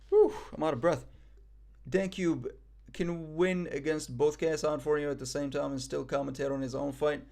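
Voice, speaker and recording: A man's voice: mid-range voice, warm tone. A young man from Morocco chatting casually on a live stream, reading the chat and making self-mocking jokes. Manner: joking, self-mocking banter.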